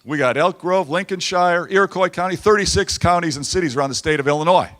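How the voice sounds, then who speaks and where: A man's voice: sits high, fast, a bit bright. A man speaking as a governor at a political dinner, telling stories with quoted back-and-forth and repeating lines for emphasis. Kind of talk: campaign-style speech. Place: banquet hall at a dinner event.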